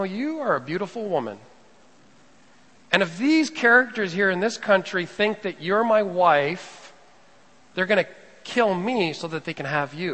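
A male pastor preaching a sermon, swinging between hushed lines and raised emphatic ones as he acts out scripture. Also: a little high. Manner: rising and falling preaching delivery, quotes scripture dramatically. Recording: long reverb of a large hall.

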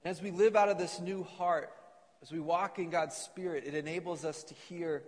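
A man's voice: on the high side, fairly even intonation, normal speed. A man preaching an earnest sermon to a congregation and reading scripture aloud in a church. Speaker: pastor. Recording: long reverb of a church hall.

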